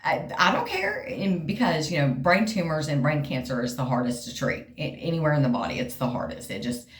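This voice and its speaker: A middle-aged woman with a drawl talks to camera in a loose, rambling way, calling her viewers y'all. Her voice sits on the low side for a woman. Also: fairly quick. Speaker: vlogger sharing a health update. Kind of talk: casual chat to camera.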